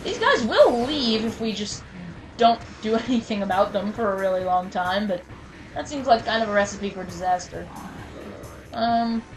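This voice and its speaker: A woman with a medium-pitched voice, speaking at normal speed, does chatty, self-mocking let's play commentary, breaking into sudden mock-angry outbursts at enemies. Game music plays behind her on a low-quality recording.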